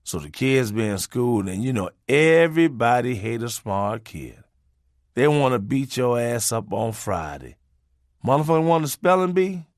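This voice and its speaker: A man narrating a comic memoir in a profane, preachy way, swinging his pitch for emphasis. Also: animated, moderate pace, no room sound, studio quality.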